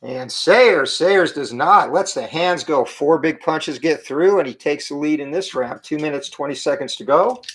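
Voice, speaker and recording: A man with a slightly hoarse morning voice, giving play-by-play commentary on a tabletop boxing game and calling out each roll in short clipped phrases. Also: on the high side, a bit bright. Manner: calls each dice roll and punch count in quick clipped phrases.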